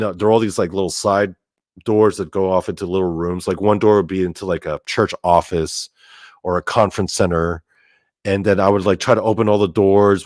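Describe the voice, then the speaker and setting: A man's voice: on the low side, no room sound, studio quality. A man casually telling a story as host, rambling with lots of fillers and frequent swearing. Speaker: podcast host.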